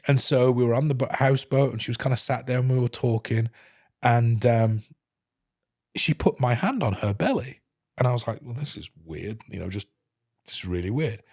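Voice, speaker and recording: Husky man telling a story. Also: medium pitch, normal speed, dry recording, clean studio sound. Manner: animated, acts out quoted speech. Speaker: podcast host. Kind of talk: casual emotional storytelling.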